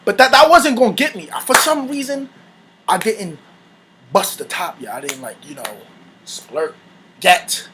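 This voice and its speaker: A young man hosting his own channel, telling a story in casual storytime style, animated and full of slang, often breaking into laughs. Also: high voice, measured pace, pauses often, noisy background. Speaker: channel host.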